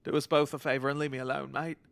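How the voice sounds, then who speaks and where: A man's voice: medium pitch, level tone, fast, vocal fry, fairly bright tone, smooth, no echo, pitched below the performer's own voice. A man voicing a gloomy loner male crab who talks brusquely in sailor slang in a video game. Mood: gruff.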